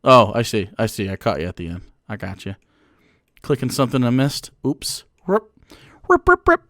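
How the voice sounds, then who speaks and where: A man's voice: mid-range voice, wildly swooping pitch, moderate pace, fairly bright tone, no echo, clean studio sound. A young man streaming casual political commentary, sarcastic and mocking, with frequent fillers and chuckles.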